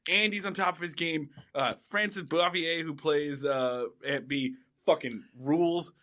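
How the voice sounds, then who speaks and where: A man co-hosting a casual comedy podcast, recapping plot points in an animated, joking way. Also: fairly high pitch, a little slow. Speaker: podcast co-host.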